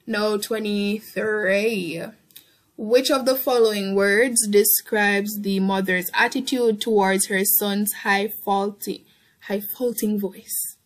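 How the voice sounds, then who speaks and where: A woman's voice: medium pitch, fairly even intonation, slow. A young woman tutoring through an exam paper, thinking aloud with frequent ums and self-corrections. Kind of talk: casual past-paper walkthrough.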